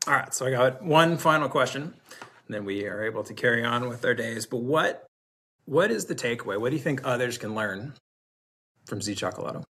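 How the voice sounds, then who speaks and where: Husky man asking interview questions. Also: mid-range voice, animated, brisk, fairly bright tone. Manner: brief, affirming questions. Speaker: podcast host. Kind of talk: casual interview.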